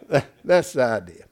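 A middle-aged man preaching a sermon, folksy and emphatic, dropping from loud declarations to hushed asides. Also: on the high side.

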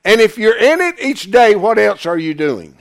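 A man's voice: sits high, very animated, moderate pace. A man preaching a sermon, emphatic, firing questions at the congregation. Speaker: pastor.

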